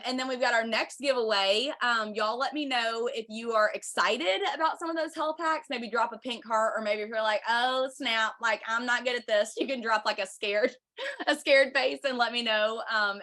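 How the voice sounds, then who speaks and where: A woman's voice: a little high, moderate pace, pushed and bright. Bubbly woman in her thirties. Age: 30s. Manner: bubbly, chatty, says y'all a lot. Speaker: podcast host. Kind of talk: livestream chat with viewers.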